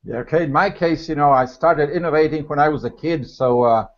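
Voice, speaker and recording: Relaxed man from Chile, webinar panelist. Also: a little high, brisk. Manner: relaxed, conversational, with fillers. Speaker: panelist, consultant. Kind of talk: casual webinar chat. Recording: dull lo-fi webinar audio.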